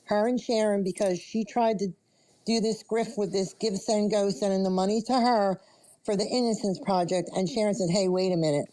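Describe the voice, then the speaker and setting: A woman's voice: medium pitch, steady tone, moderate pace, warm tone, rough recording. A woman calling into an online chat, insistently recounting what she witnessed. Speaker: caller. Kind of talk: casual chat.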